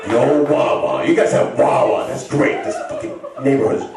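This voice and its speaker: A male stand-up comedian rambling and stammering through a set, bursting into shouts. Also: medium pitch, huge pitch swings, moderate pace, creaky. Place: bar stage with live audience. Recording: echoey club recording from far off. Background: crowd laughing.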